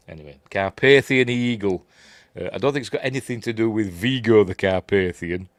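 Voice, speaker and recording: A man's voice: low-pitched, brisk, no echo, faint music behind. A middle-aged man with a Yorkshire accent hosts a casual live review, chatting, reading viewer messages and laughing at his own jokes. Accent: Yorkshire English. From Yorkshire, England. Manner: reads out viewer chat messages. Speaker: host of a livestream review show.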